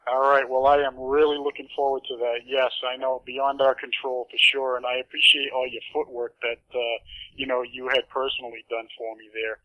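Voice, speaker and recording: A man's voice: medium pitch, little pitch movement, brisk, dry recording, highs cut off. A man with a Boston accent, calling in to a radio show for a friendly, folksy chat. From Massachusetts. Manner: friendly, folksy, calls people buddy. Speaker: caller. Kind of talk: casual phone-in chat.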